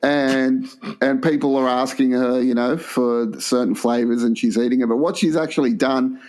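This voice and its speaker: A man's voice: medium pitch, moderate pace. Man rambling through crude comedy stories. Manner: rambling, deadpan anecdote telling with crude jokes. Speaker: podcast co-host. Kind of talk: crude comedy podcast storytelling.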